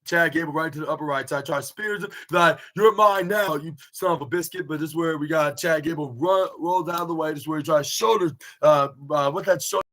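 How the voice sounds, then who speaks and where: A young man talks through a wrestling match move by move in a loose, casual podcast recap. His voice sits a little higher than most men's, and he stumbles through fillers and restarts as he goes. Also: fairly even intonation, fairly quick, few pauses, a bit bright, rough recording. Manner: rambling, many fillers and restarts. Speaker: podcast host reviewing wrestling. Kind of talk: casual recap, play-by-play retelling.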